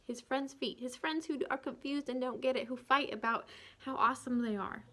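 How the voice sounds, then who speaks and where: A woman's voice: fairly high pitch, steady tone, moderate pace. A young woman giving an earnest, chatty Bible lesson to children, with fillers and restarts. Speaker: children's ministry teacher.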